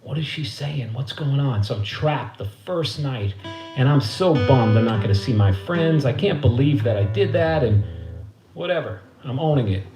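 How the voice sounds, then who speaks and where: A man's voice: medium pitch, animated, moderate pace. A middle-aged man, telling a loose, profane story from his living room and acting out the voices of the people in it. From Queens, New York. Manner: casual, profane, laughing storyteller who acts out voices. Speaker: musician and host. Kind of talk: storytelling between songs on a livestream. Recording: echoey room with guitar.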